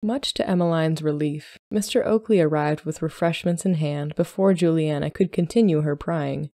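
A woman podcast host narrating a short story in a calm, measured way. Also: low voice, no echo, clean studio sound. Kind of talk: scripted narration.

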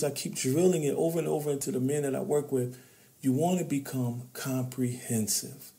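A middle-aged man speaks as a podcast guest in a warm, mellow voice. He talks like a preacher, calling the host brother and building to emphatic peaks. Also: medium pitch, steady tone, moderate pace, gravelly. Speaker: author and men's trainer, guest. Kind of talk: podcast interview.

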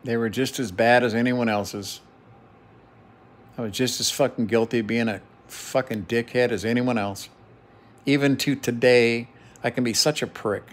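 A man's voice: mid-range voice, fairly even intonation, moderate pace. Profane, heated middle-aged man venting. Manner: heated, profane, repeats phrases for emphasis. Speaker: vlogger. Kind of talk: emotional personal monologue.

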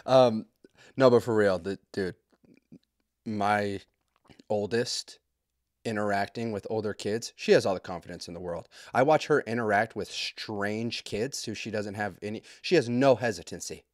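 A man hosting a podcast, telling a comedic story in a profane, rambling, joking way with quick asides. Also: on the low side, no room sound, studio quality. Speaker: podcast host.

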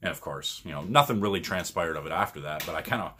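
A low-voiced man from Michigan, a podcast co-host and pro bowler, talks fast through casual, rambling stories, laughing often and getting animated when retelling arguments. There's a little hiss or hum in the recording.

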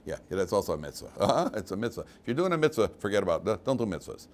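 This rabbi is an older man whose fairly low voice moves very quickly. His casual Torah lesson wanders, full of restarts, asides, and a dry, mocking wit, all delivered with animation.

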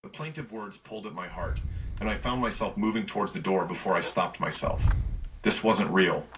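A man reading a first-person horror story in measured, tense storytelling. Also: sits low, a bit bright, slight background noise, poor audio.

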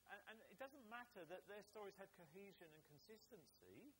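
Animated English preacher with a lively voice. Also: male voice, high-pitched, brisk, slight background noise, rough recording. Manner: animated, acts out the characters' lines. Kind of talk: sermon. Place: church.

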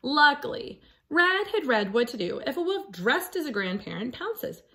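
A woman reading a picture book aloud to children in a slow, animated storytelling voice. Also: high voice. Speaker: storybook reader.

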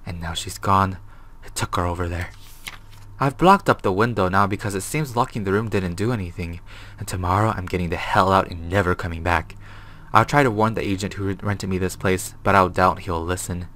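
A man's voice: low voice, brisk, a bit bright. A man voicing a frightened, guilt-ridden male former tenant, reading his diary note aloud in a put-on accent. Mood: fearful. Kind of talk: reading game text aloud.

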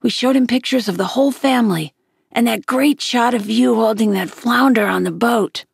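A woman voicing a protective, reassuring father in a storybook reading, with a gravelly edge. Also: fairly high pitch, moderate pace, no echo, clean studio sound, voice pushed up, full character voice. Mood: calm. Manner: reassuring, calm.

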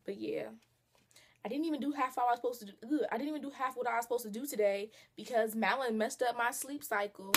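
A young woman talks straight into her camera in a loose, slangy vlog style. Her voice sits a little high, and she teases herself as she chats along. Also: fast talker, slightly rough. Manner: playful, chatty, slangy and self-teasing. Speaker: vlogger. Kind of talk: casual vlog chat to camera.

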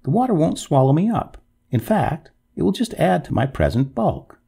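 A man's voice: on the high side, sing-song, normal speed, creaky, dark tone, husky, voice pushed up, heavily acted. A man voicing a cold, pleading female water ghost of an old manor, melodramatic and imploring in a storybook reading. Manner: pleading, melodramatic, rising to wails.

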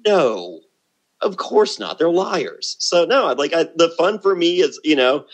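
A middle-aged man, a guest in a casual interview, telling brash, rambling stories full of restarts and quick asides. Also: on the high side, sing-song. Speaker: guest, former reality show contestant.

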